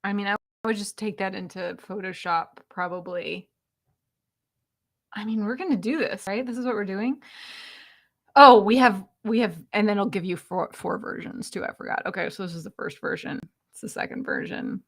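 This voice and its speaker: A woman with a medium-pitched, slightly bright voice casually walks through an AI image tool on screen at a normal speed. She's chatty and rambling, uses lots of fillers and giggles easily.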